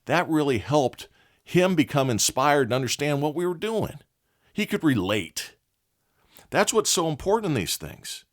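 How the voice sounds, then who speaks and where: A man's voice: a little high, sing-song, a little slow. A man hosting a leadership podcast, telling a candid, folksy story and chuckling often. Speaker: podcast host.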